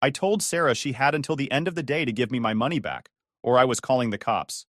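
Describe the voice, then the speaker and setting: A man's voice: medium pitch, quick pace, a bit bright, dry recording, studio quality. A man narrating a dramatic first-person story in an indignant, emphatic way.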